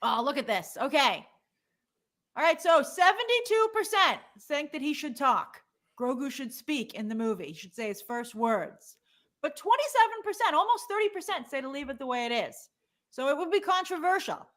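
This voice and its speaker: A woman's voice: high voice, very animated, normal speed, a bit bright. A middle-aged woman co-hosting a movie news show in casual chat, opinionated and reading out viewer comments and polls.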